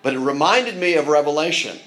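A man with a somewhat high voice preaching a sermon. He speaks earnestly, restarting phrases and adding asides as he goes. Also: lively intonation, fairly quick, fairly bright tone, rough recording. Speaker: pastor.

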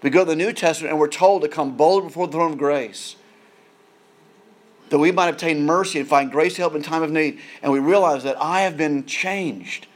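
A man's voice: on the high side, moderate pace. A man preaching a sermon in an earnest way, often repeating words as he builds emphasis.

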